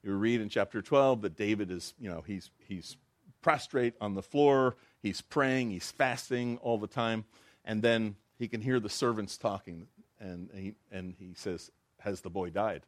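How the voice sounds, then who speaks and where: Low-voiced man preaching, dry room. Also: unhurried, no echo. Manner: conversational, tells jokes as he teaches. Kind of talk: informal Bible teaching.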